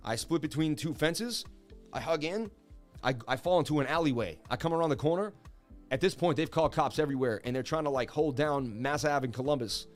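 An excitable streamer man telling a story. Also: fairly high pitch, a little fast, soft background music. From Boston area, US. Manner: excited, repetitive, talks to viewers directly. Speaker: crypto market streamer. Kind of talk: animated storytelling on a livestream.

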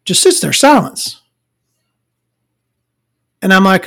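A woman tells a rambling, profane story in an exasperated rant, swearing heavily and swinging between loud outbursts and low mutters. She's animated, keeps a measured pace, and leaves long pauses.

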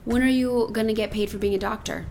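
A woman's voice: fairly high pitch, steady tone, fast, creaky, a crowd in the background. A middle-aged woman co-hosting a podcast, telling family stories in a blunt, profane, casual way. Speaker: podcast co-host. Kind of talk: casual chat.

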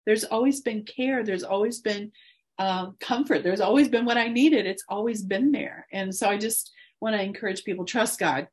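A woman in her forties, a guest in an interview, speaking earnestly and encouragingly about her faith with soft laughs. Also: medium pitch, normal speed, breathy edge.

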